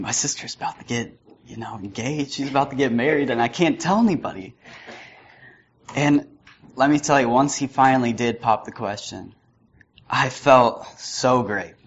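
A young man giving a sermon, telling a personal story with chuckles before turning to the lesson. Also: mid-range voice. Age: young adult. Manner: storytelling, chuckling at his own anecdotes. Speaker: student preacher. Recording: slightly muffled with faint noise.

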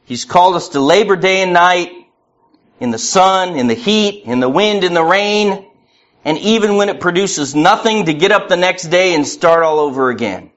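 A man's voice: sits high, expressive, moderate pace, fairly bright tone. A man preaching a sermon earnestly, acting out the voices in his quotes. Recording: muffled lo-fi recording.

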